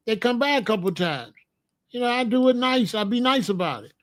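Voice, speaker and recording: A man's voice: very high voice, animated, brisk, a bit bright. A man hosting a casual talk show and giving blunt, joking advice on marriage, acting out little scenes as he goes. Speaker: host.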